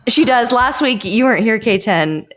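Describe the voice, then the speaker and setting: A woman's voice: a little high, expressive, normal speed, slight background noise. A woman co-hosting a casual therapy podcast, reading listener answers aloud and laughing often. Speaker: psychologist podcast co-host. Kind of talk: casual group podcast chat.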